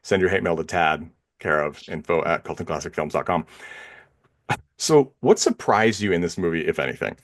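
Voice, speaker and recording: A man's voice: sits low, lively intonation, normal speed. A man co-hosting a film podcast, talking casually and rambling with frequent fillers and restarts. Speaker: podcast co-host. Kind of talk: casual film review chat.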